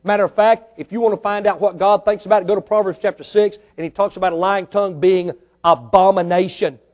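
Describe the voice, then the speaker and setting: A man preaching a sermon with fervor, firing rhetorical questions at the congregation and swinging between soft and loud delivery. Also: sits high, fairly even intonation, quick pace.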